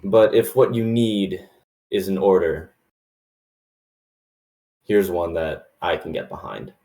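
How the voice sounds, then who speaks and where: A man playing a defiant male elf who hates taking orders, speaking bluntly and in a measured way. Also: low voice, warm tone, echoey room. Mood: resolute. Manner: blunt, measured, gruff resolve.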